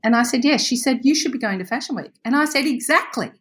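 A woman telling a story in a casual chat, animated, laughing often and acting out the voices of the people in it. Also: high voice, fast.

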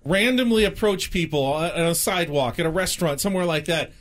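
A man who works in television chats casually on a radio show in a dry, measured way. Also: on the high side. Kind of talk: casual studio chat.

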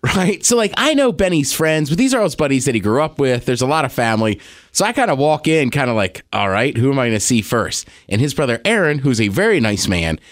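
A man's voice: mid-range voice, big pitch swings, fast talker, dry recording, clean studio sound. A man co-hosting a podcast, telling a story in casual chat and laughing often. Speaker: podcast co-host.

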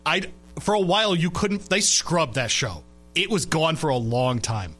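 A man's voice: a little high, animated, moderate pace, pushed and bright, soft background music. A man hosting a sports radio show, chatting loosely and laughing often while reading listener texts. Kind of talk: casual sports radio chat.

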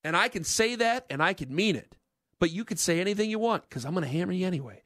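A man's voice: high-pitched, expressive, quick pace, fairly bright tone, no room sound. A man hosting a sports talk radio show, ranting in an emphatic, fired-up monologue into a studio microphone.

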